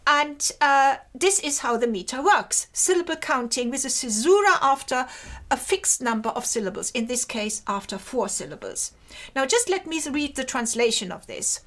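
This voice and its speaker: A woman giving an academic lecture over slides. She explains each point step by step in a measured way and points to parts of the slide as she goes. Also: sits high, very animated, a bit bright.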